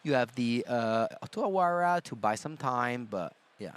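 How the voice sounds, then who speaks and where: A man's voice: medium pitch, expressive, measured pace, clear, resonant tone. Analytical male card-game commentator. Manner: analytical, thinks aloud with fillers. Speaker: color commentator.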